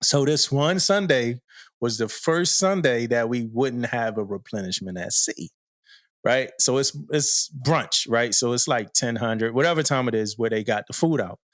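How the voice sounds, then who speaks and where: A man's voice: medium pitch, moderate pace, a bit bright, no room sound, clean studio sound. A man, a podcast co-host, telling a story in a loose, slangy way, often laughing and asking "you know what I mean". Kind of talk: casual storytelling chat.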